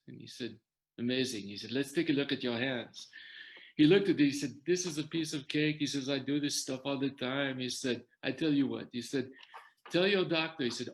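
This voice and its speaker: Older man telling a lively story. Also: medium pitch, a little hiss or hum. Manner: animated storyteller quoting others' words. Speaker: guest sharing his story. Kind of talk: storytelling talk.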